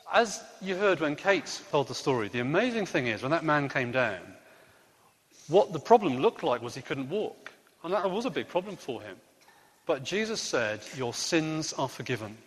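A playful man quizzes children during a church service, his voice leaping up and down as he jokes. His voice sits a little high for a man. Long reverb from the church hall trails every phrase. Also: moderate pace, a little hiss or hum. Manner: lively, playful quizmaster with gentle jokes. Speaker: children's talk leader at church.

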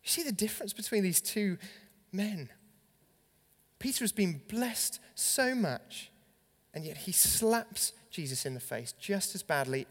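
A man preaching a sermon in a fairly high voice, with a long reverb trailing his words. He reads scripture with dramatic emphasis, swelling and dropping as he goes. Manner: dramatic scripture reading with rising and falling emphasis.

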